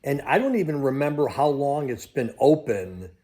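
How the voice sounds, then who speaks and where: A man's voice: mid-range voice, very animated, normal speed, dark tone. An older man, a crypto vlogger, talking casually to his viewers in a rambling way that keeps losing its thread. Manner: rambling, loses his train of thought. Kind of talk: casual travel vlog.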